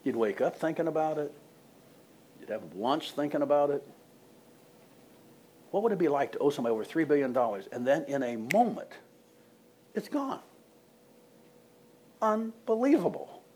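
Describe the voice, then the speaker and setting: A man's voice: mid-range voice, fairly quick, pauses often, mellow, a little hiss or hum. Conversational male pastor preaching. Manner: conversational storytelling, frequent "I mean," questions to the congregation. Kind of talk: sermon.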